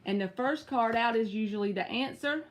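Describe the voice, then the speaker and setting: A tarot reader with a Southern US accent talks to viewers by name during live readings, in a chatty, direct manner. Her voice runs on the high side at a moderate pace.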